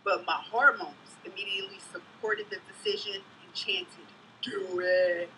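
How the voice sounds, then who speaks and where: A woman's voice: medium pitch, normal speed, far from the mic, background noise. A mother vlogging in casual chat, gossiping bluntly and telling stories in an outspoken way.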